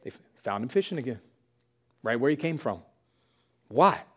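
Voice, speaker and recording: Pastor guy preaching, super animated up-and-down voice, keeps saying right?, loud when he acts out people. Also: moderate pace, husky. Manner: conversational and emphatic, with frequent rhetorical "right?"; acts out quoted voices with big jumps in pitch and volume. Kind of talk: sermon.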